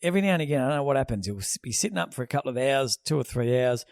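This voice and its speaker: A man in his thirties chatting on a podcast, his voice at an average pitch and recorded dry and close. He swears freely and rambles through his stories with plenty of restarts. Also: expressive, rapid-fire, darkish tone, dry recording. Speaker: podcast co-host. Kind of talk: casual chat.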